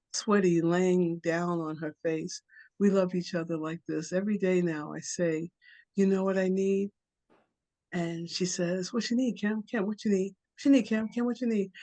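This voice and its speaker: A woman's voice: fairly low pitch, darkish tone. A woman at an open mic, reading a poem in a rhythmic, conversational storytelling way. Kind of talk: poetry reading.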